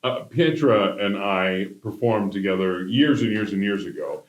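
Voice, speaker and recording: A man hosting a talk show in casual chat with a guest, playful and quick to laugh. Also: fairly low pitch, lively intonation, highs cut off. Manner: playful, laughs often, jokes. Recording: roomy studio echo.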